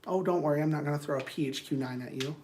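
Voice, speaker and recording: A man's voice: fairly high pitch, very fast, darkish tone, slight background noise. A man who counsels people, talking straight to viewers in a casual, rambling motivational monologue, earnest and blunt.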